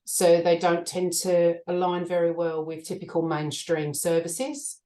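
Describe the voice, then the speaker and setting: A woman with a notably low voice describes her doctoral research over a video call. She speaks hesitantly and fills pauses often. Her room sounds echoey. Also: warm tone. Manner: hesitant, with many fillers. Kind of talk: casual webinar discussion.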